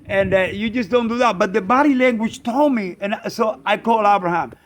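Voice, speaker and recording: A man casually telling a story, animated, acting out friends' voices and bird sounds. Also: sits high, fairly quick, slight background noise. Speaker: pigeon fancier, channel host.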